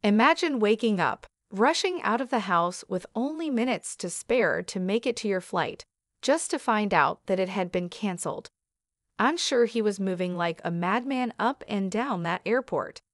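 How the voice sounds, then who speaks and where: A woman narrating a first-person story in a calm, measured way. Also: medium pitch, no room sound, studio quality.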